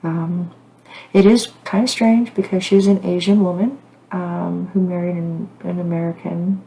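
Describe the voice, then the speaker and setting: A woman's voice: on the low side, fairly even intonation, a little slow, gravelly, warm tone. A middle-aged woman talking casually to camera as a psychic host, rambling and earnest with frequent fillers and apologies. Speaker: psychic medium channel host.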